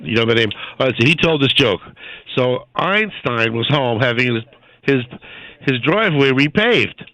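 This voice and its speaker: A man calling into a radio show and telling a joke in a brisk, matter-of-fact way. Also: mid-range voice, lively intonation, pushed and bright, dry recording, low-quality recording. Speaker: caller.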